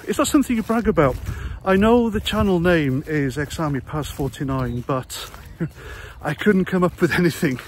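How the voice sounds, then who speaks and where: A man's voice: fairly high pitch, lively intonation, normal speed. British bloke in his 40s, sarcastic and sweary, huffing along a country path with his phone, wind and outdoor noise all over it. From Britain. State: breathing heavily while walking. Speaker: vlogger, ex-soldier and ex-prison officer. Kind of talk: sarcastic walking vlog monologue. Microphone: handheld phone camera. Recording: outdoor noise while walking.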